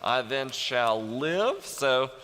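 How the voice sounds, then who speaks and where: A man's voice: mid-range voice, big pitch swings, very slow, bright, forceful tone. A man leading an orchestra rehearsal, upbeat, scatting rhythms and counting the players in. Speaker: music director leading rehearsal. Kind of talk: rehearsal instructions. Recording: long hall reverb, faint music behind.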